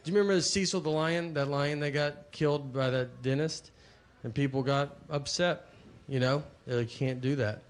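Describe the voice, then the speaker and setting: Southern man doing deadpan stand-up. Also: fairly high pitch, normal speed, clean tone. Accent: Southern American. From Tennessee. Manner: deadpan, rambling storytelling. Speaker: stand-up comedian. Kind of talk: stand-up comedy routine. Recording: noisy live show audio. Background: audience laughter.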